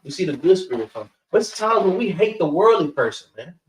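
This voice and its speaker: High-voiced man preaching in an echoey room. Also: big pitch swings, fast, far from the mic, a little hiss or hum. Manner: preachy, repeats "guess what" and "man", swears casually. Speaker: teacher of a scripture class. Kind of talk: street-style Bible teaching.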